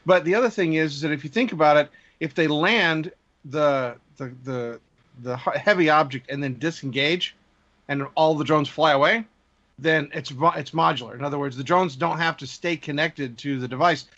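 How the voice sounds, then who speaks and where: A man hosting a drone news segment, reading stories in a measured way with frequent fillers. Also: fairly high pitch, fairly bright tone, lo-fi sound. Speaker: news host.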